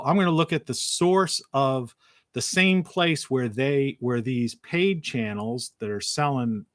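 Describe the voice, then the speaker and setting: A man hosting a live talk show in a rambling monologue, with frequent restarts and a morning voice, clearing his throat now and then. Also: medium pitch, a bit bright, dry recording, clean studio sound. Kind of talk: solo live-stream monologue.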